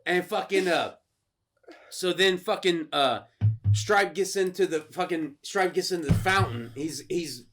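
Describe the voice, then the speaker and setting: A man co-hosting a podcast in casual chat, excitedly retelling a film with lots of swearing and acted-out bits. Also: high voice, a little slow, soft background music. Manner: excited, swearing, acts out scenes. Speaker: podcast co-host.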